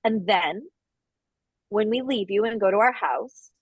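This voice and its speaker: A woman from Canada chatting casually in an interview, lively and quick to slip into other voices and accents. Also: mid-range voice, breathy edge, no echo, highs cut off. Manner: chatty, animated, slips into quoted voices and accents. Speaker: voice actress guest.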